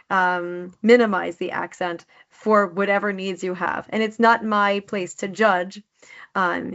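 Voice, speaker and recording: A woman's voice: mid-range voice, a bit bright, highs cut off. A woman speech coach talking enthusiastically in a casual interview, often restarting her sentences. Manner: enthusiastic, many restarts and fillers. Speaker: speech coach, podcast guest.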